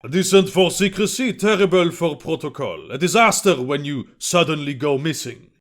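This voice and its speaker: A burly maverick spy with a thick French accent, blustery and emphatic, as a male narrator puts him on. He talks in short, dismissive bursts. The voice sits fairly high for a man. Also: expressive, moderate pace, lightly acted. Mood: brusque.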